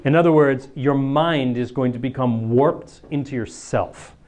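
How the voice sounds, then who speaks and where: A man, a priest, giving a lively talk to students, acting out little scenes and laughing as he goes. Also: medium pitch, unhurried. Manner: animated, acts out voices, laughs often.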